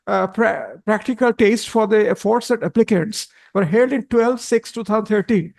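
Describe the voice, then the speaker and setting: Halting, deferential advocate. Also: male voice, high-pitched, creaky. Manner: halting, deferential, constantly repeats "my lords". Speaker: advocate arguing before a judge. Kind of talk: courtroom argument.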